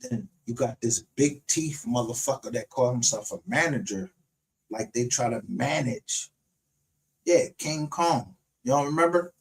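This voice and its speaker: A man's voice: a little high, measured pace, slightly rough. A man hosting his own livestream show, ranting in a heated, profane and confrontational way. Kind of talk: unscripted livestream rant.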